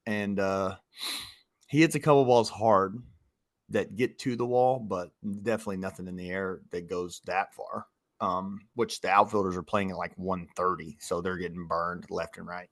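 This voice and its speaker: A man co-hosting a casual podcast as a youth baseball coach, telling animated stories about his players. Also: deep voice, normal speed, dry recording, studio quality. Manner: animated storytelling, quoting players.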